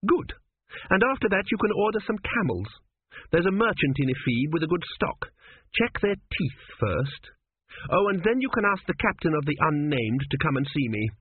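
A man's voice: on the high side, big pitch swings, moderate pace, a little hiss or hum, voice pushed up. A man voicing an impatient young queen who gives curt, sour orders, in an audiobook reading. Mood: sour, commanding. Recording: tinny phone-like band, dry.

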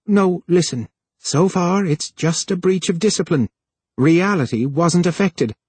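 A male narrator voicing a plump, scheming male official who sneers and then pleads in a higher voice. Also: measured pace, darkish tone, breathy edge, dry recording. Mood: pleading.

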